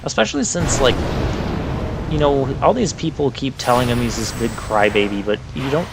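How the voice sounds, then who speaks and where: A man's voice: mid-range voice, moderate pace, very noisy. A man hosting a let's play, chatting casually and wryly about the game, with a lightly sarcastic edge. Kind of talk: casual gameplay commentary. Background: game music.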